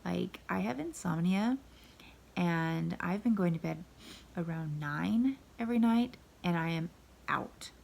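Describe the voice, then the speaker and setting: A woman's voice: lowish voice, lively intonation, unhurried, darkish tone. A woman in her thirties, a wife and mother, talking candidly and at length to her viewers in a casual vlog. She sounds tired and self-critical, and often drops to a near whisper. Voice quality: gravelly, husky.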